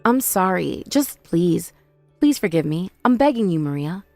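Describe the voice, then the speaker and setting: A woman's voice: lowish voice, sing-song, a little slow, creaky, mellow, dry recording, soft background music, exaggerated voice. A woman voicing a desperate, remorseful young wife who begs for forgiveness in a scripted drama. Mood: pleading. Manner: pleading, apologetic.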